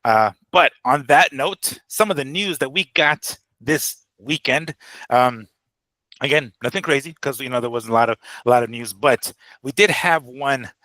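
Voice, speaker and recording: A man co-hosting a boxing show in loose, casual chat. His voice is bright and forward, and he gets excitable and swears freely. The sound is dry and close. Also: mid-range voice, moderate pace, no echo, rough recording.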